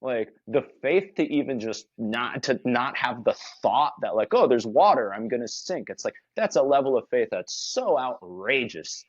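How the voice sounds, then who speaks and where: A man's voice: normal speed, hardly any pauses, no echo, highs cut off. A man in casual spiritual conversation, telling stories animatedly and acting out the quoted voices. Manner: animated storyteller, acts out quoted voices with big pitch jumps. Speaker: podcast guest.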